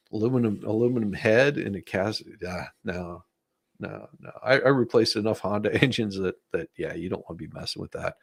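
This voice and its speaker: A low-voiced man with a gravelly, husky edge chats casually on a live stream. He is easygoing, chuckles often and talks through car repair know-how. His voice is close and dry, with no room sound. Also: no echo.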